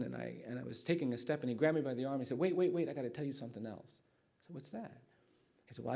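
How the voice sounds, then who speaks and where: A man's voice: mid-range voice, gravelly, a little mellow. A middle-aged man giving a public lecture, an earnest storyteller who acts out the dialogue he quotes. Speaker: guest speaker. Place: lecture hall.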